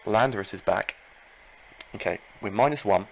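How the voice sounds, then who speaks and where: A man commenting live on his own Pokémon battle, excitable, talking to himself and his opponent and repeating phrases. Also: on the low side, normal speed, slight background noise, low-quality recording. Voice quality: gravelly.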